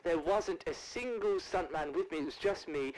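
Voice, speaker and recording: A man's voice: fairly high pitch, moderate pace, a little mellow, close to an everyday voice, low-quality recording. A man impersonating a posh, theatrical older actress who calls everyone darling and insists on wild claims. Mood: haughty insistent.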